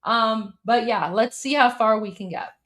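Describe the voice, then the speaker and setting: High-voiced woman in heated live commentary. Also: unhurried, a bit bright. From Iran. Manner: heated, scornful, repeats herself for emphasis. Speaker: political commentator hosting a live stream.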